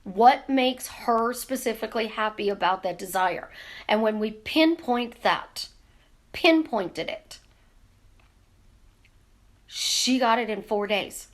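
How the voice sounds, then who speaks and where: Lively woman teaching in a live stream. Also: fairly high pitch. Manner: animated, talks with her hands, asks rapid rhetorical questions. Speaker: manifestation coach hosting a live stream. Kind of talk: casual teaching monologue. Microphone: camera in front of her.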